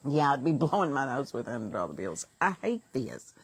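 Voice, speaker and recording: Folksy older Southern woman, lively pitch. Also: husky, no echo. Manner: folksy storyteller, chimes in with quick corrections. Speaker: guest, the host's mother. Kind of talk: casual family chat.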